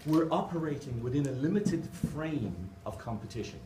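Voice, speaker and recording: A man's voice: mid-range voice, lively intonation, normal speed, mellow. A man with an Irish accent giving a playful, humorous conference talk, explaining his drawings as he goes. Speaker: conference speaker. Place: large conference hall. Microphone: distant camera. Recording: echoey hall from far off, noisy.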